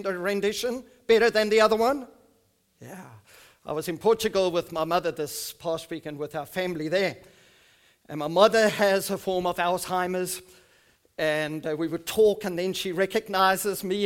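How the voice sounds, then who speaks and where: Pastor guy in his 50s, kinda high voice, drawn-out verses then quiet asides. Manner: slow, emphatic scripture reading, dropping to soft asides. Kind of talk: sermon. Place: church service.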